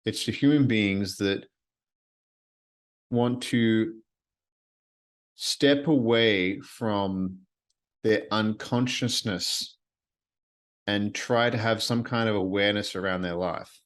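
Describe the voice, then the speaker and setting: Speaking slowly with frequent pauses, a man with a fairly low, fairly even voice hosts his own podcast at night from his apartment. Alone, he delivers an earnest, rambling reflective monologue that repeats phrases often.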